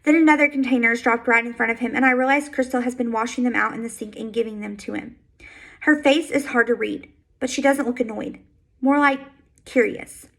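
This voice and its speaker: A woman with a high voice reads a first-person novel aloud. Her delivery is soft and steady, and it stays intimate throughout. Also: a little fast, rough recording. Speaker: audiobook reader.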